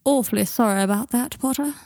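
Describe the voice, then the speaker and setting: A woman's voice: a little high, quick pace, darkish tone, no echo, pitched above the performer's own voice, close to an everyday voice. A woman voicing a posh young wizard man with a dry, drawling manner.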